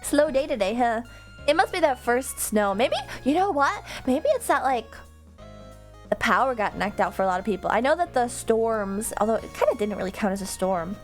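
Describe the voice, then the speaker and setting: A woman's voice: fairly high pitch, sing-song, normal speed, soft background music. A woman streamer chatting casually with her viewers, rambling into tangents and laughing often.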